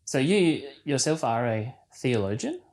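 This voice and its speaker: Male podcast host with mid-range pitch, brief and encouraging with his questions. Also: big pitch swings, a little slow, a little mellow. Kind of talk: interview questions.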